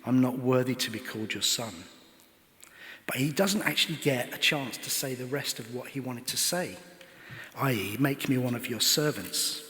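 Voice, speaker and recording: A man's voice: medium pitch, moderate pace, sharp tone. A man preaching a sermon, retelling a parable earnestly and asking rhetorical questions. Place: church. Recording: church hall reverb.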